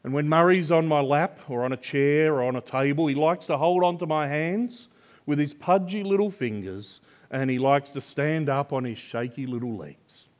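An older man preaching a sermon, slow and earnest, building to emphatic swells of conviction. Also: a little high. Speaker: pastor.

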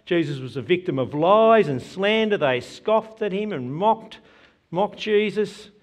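A man delivering a sermon in an unhurried, deliberate way, every phrase given room. His voice sits a little higher than most men's. He leans hard into the scripture he quotes. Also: expressive. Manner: earnest, measured preaching with emphatic quoted scripture. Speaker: preacher.

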